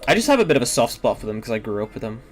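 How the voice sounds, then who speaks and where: Young male streamer, loose meandering gaming chat, casual profanity, mid-pitched voice. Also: very animated, racing, faint music behind. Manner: rambling, filler-heavy, swears casually.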